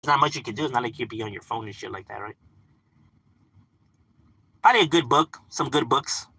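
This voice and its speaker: A man with a medium-pitched voice, bright, forceful and husky, talks fairly quickly on a live stream. The recording is low quality with no echo. Casual and profane, he laughs often, says "like" and "you know" constantly and chats back to viewers he can't see.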